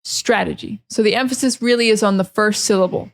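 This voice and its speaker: American woman teaching pronunciation slowly. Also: mid-range voice. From United States. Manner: slow, clearly articulated drills with repeated model words.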